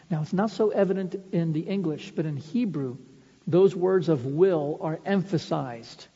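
A man preaches an earnest, explanatory sermon, building his points with vivid everyday illustrations. His voice is on the high side, mellow and slightly rough at normal speed, recorded with dull lo-fi sound in a reverberant hall.

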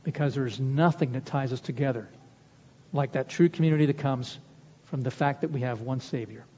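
Preaching pastor in a reverberant church. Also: male voice, moderate pace, mellow. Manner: impassioned, rising in pitch and volume to press points. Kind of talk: sermon. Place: church sanctuary. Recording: long church reverb, dull lo-fi sound.

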